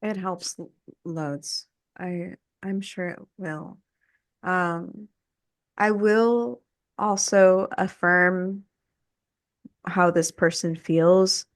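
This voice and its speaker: A woman in casual podcast chat who talks softly, searching for her words with many fillers. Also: lowish voice, very slow, long pauses, dry recording, studio quality.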